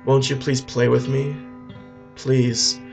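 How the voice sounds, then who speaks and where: A man voicing a lovesick pet husky dog that begs to be loved and played with, in a whiny pleading way. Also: mid-range voice, little pitch movement, takes it slowly, a little mellow, soft background music. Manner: whiny, begging.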